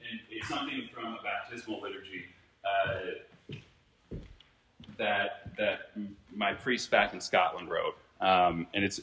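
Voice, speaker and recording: A man preaching a sermon as pastor, earnest and reflective, swinging from emphatic peaks to quiet asides. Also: low-pitched, a little hiss or hum. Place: church.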